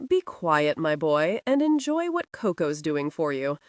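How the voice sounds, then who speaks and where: A woman reading the part of a self-assured male crime boss, dry and unhurried. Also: low-pitched, sing-song, no room sound. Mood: coolly amused. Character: cool, powerful older male crime boss.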